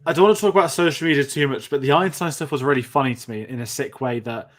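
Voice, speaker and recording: Talking fast in a mid-range voice, a male podcast host chats casually about films, rambling and frequently restarting his sentences.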